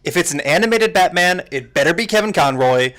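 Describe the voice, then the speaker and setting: Animated man co-hosting a podcast. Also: sits high, a little fast. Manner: animated, laughs often, casual swearing. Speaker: podcast co-host. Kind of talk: casual chat.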